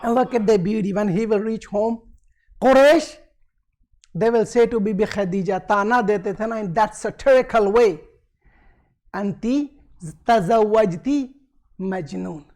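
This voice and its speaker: A man's voice: sits high, fairly quick, a little mellow. Man preaching, quoting Arabic then explaining. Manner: quotes Arabic passages then explains in English; asks the audience questions and answers them himself. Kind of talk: sermon. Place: community centre hall.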